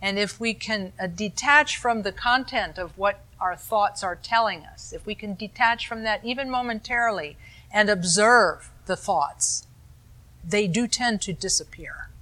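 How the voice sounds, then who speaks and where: At medium pitch and a measured pace, a female meditation teacher delivers a dharma talk. She explains calmly and conversationally, addressing asides to her listeners.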